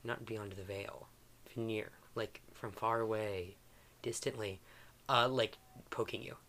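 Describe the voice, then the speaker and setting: A man's voice: on the low side, fairly even intonation, a little slow, pushed and bright, a little hiss or hum. Rambling, joking game master man. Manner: rambling, self-deprecating, joking. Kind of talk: tabletop game narration and casual chat.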